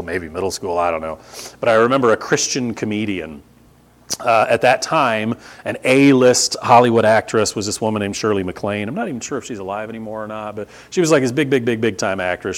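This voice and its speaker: A man, preaching a conversational sermon with emphatic repetition. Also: mid-range voice. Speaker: pastor.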